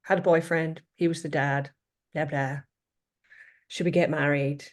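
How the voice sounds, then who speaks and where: A woman's voice: deep voice, fairly even intonation, measured pace. A woman in her fifties, a podcast guest telling a personal story in a thoughtful, reflective way, often circling back to restate her points. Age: 50s.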